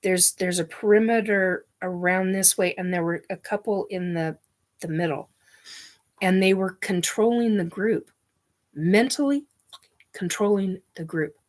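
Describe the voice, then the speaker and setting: A woman's voice: medium pitch, a little slow. A woman host telling a personal story bluntly, with frequent restarts and casual swearing.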